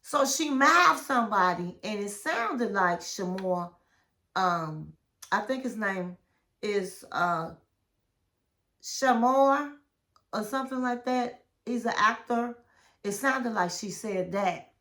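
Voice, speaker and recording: A woman's voice: medium pitch, animated, slow pace, pauses often, sharp tone. A woman hosting a casual reality TV recap, telling the story in a chatty, gossipy way and acting out what people said. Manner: chatty, gossipy storytelling that acts out quoted lines.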